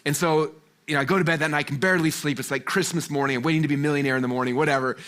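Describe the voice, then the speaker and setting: A man in his forties talks fast and high for a man, speaking to a seminar crowd. He tells his story with animation, acts out the voices of the people in it, and keeps throwing in fillers. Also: steady tone, a bit bright. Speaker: guest speaker at a business seminar. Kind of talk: energetic storytelling talk to a live audience.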